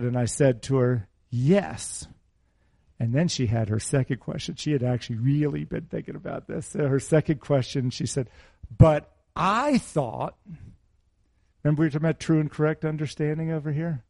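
A middle-aged man with a warm, creaky, mid-range voice preaches a sermon in a dry recording with no room sound. He blends scripture with a personal story, speaking conversationally and putting questions to his listeners.

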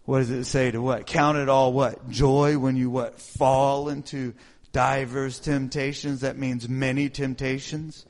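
A middle-aged man giving an informal sermon testimony, asking the listeners questions and acting out his own prayers and reactions. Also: medium pitch. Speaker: preacher sharing testimony.

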